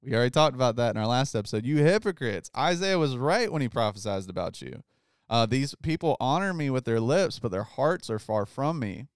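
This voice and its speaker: A man hosting a podcast, talking through a Bible passage in a relaxed, casual way, often saying "like" and reading scripture aloud. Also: mid-range voice, a little fast, clean tone, no room sound, clean studio sound. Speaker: podcast host. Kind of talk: casual Bible study chat.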